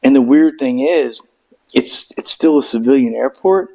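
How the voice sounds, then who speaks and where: A man's voice: medium pitch, a little slow, darkish tone, poor audio. A middle-aged man, a veteran, telling a long story in casual podcast chat, cursing freely and breaking into voices of the people he describes. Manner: profane, rambling storyteller who acts out voices. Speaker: veteran telling war stories.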